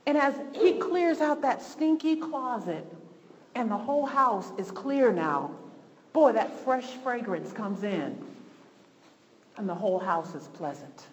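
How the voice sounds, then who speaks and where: Woman Bible teacher, informal and lively, fairly high voice, recorded in an echoing church hall. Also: measured pace, a little hiss or hum. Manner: conversational, repetitive, lively.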